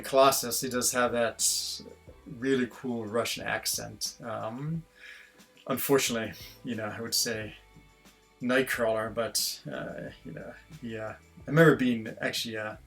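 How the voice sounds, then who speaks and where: A man's voice: medium pitch, vocal fry, a bit bright. A middle-aged man, chatting casually with viewers as a stream host in a rambling, musing way. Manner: rambling, musing, chuckles often. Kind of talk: casual live-stream chat reading comments. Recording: faint guitar music behind.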